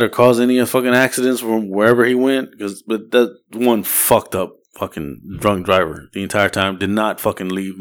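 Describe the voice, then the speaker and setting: A man, co-hosting a podcast and telling a rambling, profane story in casual chat. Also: medium pitch. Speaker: podcast co-host.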